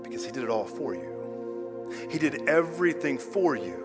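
A man, a pastor, preaching to a congregation, swinging from loud emphasis to hushed lows and talking directly to the people. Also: very animated, normal speed. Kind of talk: sermon. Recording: reverberant hall, faint music behind.

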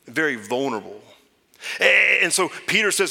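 A man preaching a sermon as pastor, conversational and earnest, shifting between loud emphasis and hushed, near-whispered lines. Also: on the high side, sing-song, brisk, gravelly, long reverb tail. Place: church sanctuary.

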